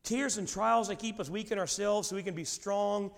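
Animated pastor, high voice, hall echo. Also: male voice, normal speed. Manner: animated storytelling, swings from shouting to quiet. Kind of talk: sermon with personal stories. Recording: long hall reverb.

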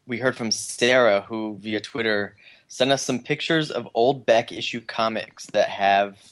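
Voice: mid-range voice, a little slow. A podcast co-host reading out listener messages in a playful, casual way. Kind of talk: casual group chat.

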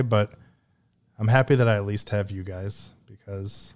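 A man's voice: on the low side, normal speed, a little mellow. A man hosting a casual gaming podcast, joking and theatrical, often laughing. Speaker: podcast host. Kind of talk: casual chat.

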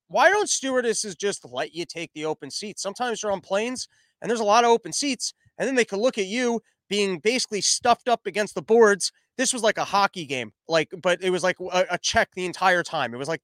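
A man's voice: high voice, lively intonation, brisk, fairly bright tone, dry recording. A man telling a rambling comic story, full of stammered restarts. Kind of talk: comedic storytelling monologue.

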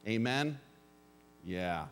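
A man's voice: on the low side, lively intonation, extremely slow, clean tone. A pastor preaching a sermon to his congregation, earnest and plainspoken, with dry jokes and calls for an amen. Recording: long hall reverb.

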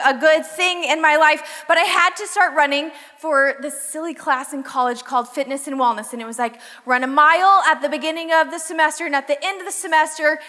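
A high-voiced young woman with a bright, forceful tone gives a chatty, animated sermon-style talk. She acts out her own past lines as she tells a personal story. Her voice rings with the long reverb of a large hall. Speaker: youth speaker.

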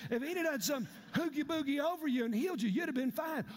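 A man's voice: very high voice, lively intonation, quick pace, in a large hall, pitched above the performer's own voice. A man voicing a male servant coaxing his boss in casual slang.

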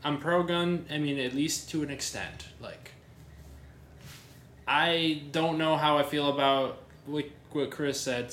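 Male podcast co-host, mid pitch, casual and self-deprecating, roomy sound. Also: fairly bright tone, slight background noise.

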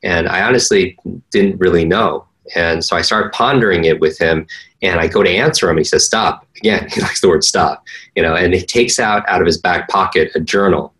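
Man, very low voice, earnest, conversational storytelling, restarts, fillers. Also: brisk, a bit bright, poor audio. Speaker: interview guest, learning coach.

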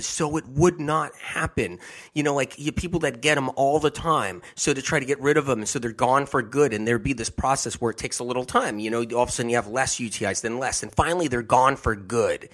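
A man's voice: medium pitch, a little fast, fairly bright tone. A man hosting a health radio show, talking in a giggly, emphatic way and often repeating himself. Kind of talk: casual monologue on a health show.

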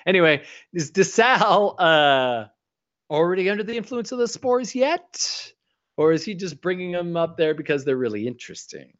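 Man, podcast co-host, casual recap, lively pitch, rambling delivery, dull lo-fi sound. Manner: animated, rambling, breaks into quick impressions. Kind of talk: casual chat recapping an episode. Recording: dull lo-fi audio.

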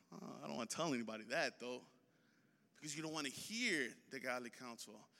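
Bright-voiced man preaching in a hall. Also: on the high side. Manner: preaching with rising emphasis and repetition. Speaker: pastor. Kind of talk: sermon.

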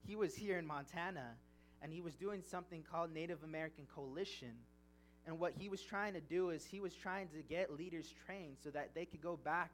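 A man's voice: fairly high pitch, fairly bright tone, a little hiss or hum. A young man preaching a sermon, reading scripture and then telling a personal story in an earnest, emotional way.

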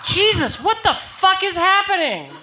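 A woman's voice: medium pitch, expressive, normal speed, heavy background noise, close to an everyday voice. A woman playing a sardonic spaceship crew member in an improvised comedy. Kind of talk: improvised comedy role-play.

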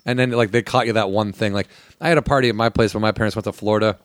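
A man's voice: on the low side, steady tone, rapid-fire, no room sound. A man telling stories in casual chat, joking and profane.

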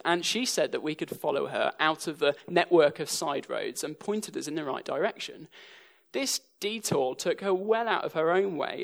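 A man's voice: fairly high pitch, vocal fry. A young English man preaching a sermon, telling stories with a dry sense of humour. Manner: dry humour woven into storytelling.

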